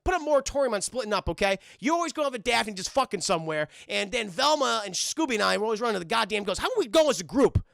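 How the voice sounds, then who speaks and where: A man's voice: high voice, very animated, fast, creaky, few pauses, a bit bright, no echo, clean studio sound, full character voice. A man putting on a whiny, jittery young slacker who swears as he pleads. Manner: complaining, profane, pleading.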